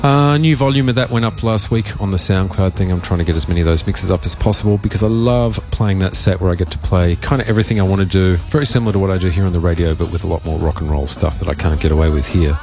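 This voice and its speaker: Australian man, radio host, croaky, deep voice, rambling casual patter, faint music behind. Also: fast, hardly any pauses, a little mellow. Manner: rambling, loose and joking, with many fillers. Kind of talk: casual live radio talk. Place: radio studio.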